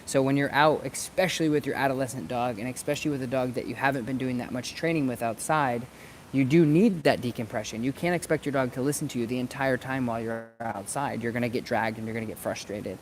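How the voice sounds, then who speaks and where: A man's voice: medium pitch, quick pace, slight background noise. A dog trainer talking casually to camera outdoors, repeating words as he works through his thoughts. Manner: conversational, repeats words while he thinks. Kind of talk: casual instructional talk to camera. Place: outdoors near planters.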